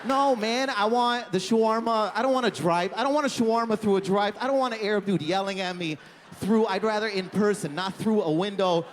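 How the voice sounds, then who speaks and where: A young man from Canada performing stand-up on a comedy club stage. He rambles and mocks himself, stuffing every sentence with fillers, in a fairly high voice. His handheld mic picks up a long hall reverb and faint room noise. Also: fairly quick. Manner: rambling, lots of "like", self-deprecating.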